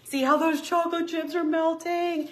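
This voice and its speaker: A woman's voice: very high voice, little pitch movement, moderate pace. A young woman, chatting bubbly and friendly with viewers while cooking live in her home kitchen. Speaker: home cooking livestream host. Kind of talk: casual live cooking chat.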